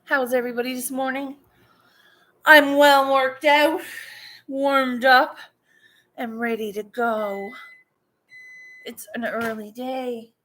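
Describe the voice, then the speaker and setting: A woman's voice: high-pitched, fairly even intonation, takes it slowly, pauses often, a bit bright. A woman chatting casually with viewers on a home livestream, greeting them and drifting from topic to topic. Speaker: livestream vlogger. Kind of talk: casual live chat.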